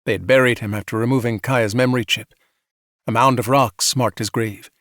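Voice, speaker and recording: A man narrating a bedtime sci-fi audiobook in a soft, measured, soothing way, with a mid-range voice. The recording is dry and close on a studio mic. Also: medium pitch, fairly even intonation, no room sound.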